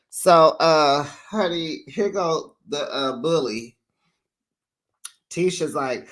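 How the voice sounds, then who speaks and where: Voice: drawn-out words, fairly bright tone. A host casually recapping a reality TV episode for viewers, opinionated and chatty, talking straight to the audience. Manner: chatty and opinionated, big playful jumps in pitch; talks straight to viewers as "besties".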